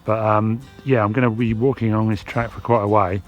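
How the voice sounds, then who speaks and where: Man vlogging outdoors on a hill walk, lowish voice, relaxed chatty manner, dull lo-fi sound, music underneath. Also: brisk. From England. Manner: relaxed, chatty, thinking aloud with fillers. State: out of breath while climbing. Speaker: hiking vlogger. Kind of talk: casual walking commentary to camera. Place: outdoors on open hills. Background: background music.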